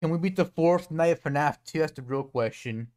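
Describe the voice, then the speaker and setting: A young man streaming a horror game, excitable and swearing, yelping and shouting whenever he gets startled. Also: on the high side, moderate pace, slight background noise. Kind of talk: live gameplay commentary.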